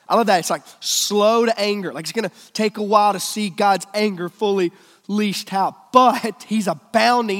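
A male preacher giving a sermon, swinging between loud emphatic lines and hushed, almost whispered ones. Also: fairly high pitch, big-room sound.

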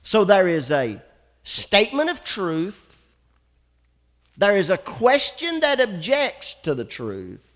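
A man's voice: high-pitched, wildly swooping pitch, fairly bright tone, big-room sound. A male pastor preaching a sermon, drawing words out for emphasis and calling for amens from the congregation. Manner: dramatic preacher, slows and drawls for emphasis, calls for amens. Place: church sanctuary.

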